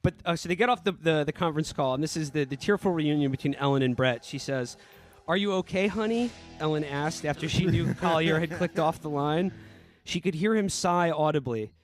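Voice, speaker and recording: A man's voice: a little high, a little fast, soft background music. A man co-hosting a comedy podcast, reading a novel aloud in a mock-earnest tone and breaking into laughter. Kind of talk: comedic dramatic reading with banter.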